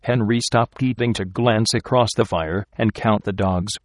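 A man reading a story aloud with steady, measured narration. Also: on the low side, dry recording, clean studio sound. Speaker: audiobook narrator. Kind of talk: scripted narration.

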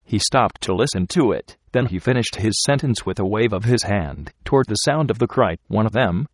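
A man narrates a story in a steady, measured way. His voice sits low, and the recording is dry and close, with no room echo. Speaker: audiobook narrator. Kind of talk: scripted narration.

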